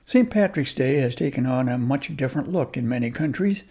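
A man's voice: medium pitch, lively intonation, brisk, a little mellow, slightly rough. A man hosting a scripted radio commentary, wry and folksy in tone. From United States.

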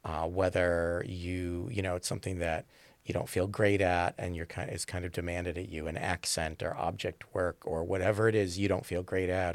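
A man who teaches improv, his voice sitting low with no room sound, talks thoughtfully in a conversational interview. He rambles with fillers and keeps adding "right?" to check in.

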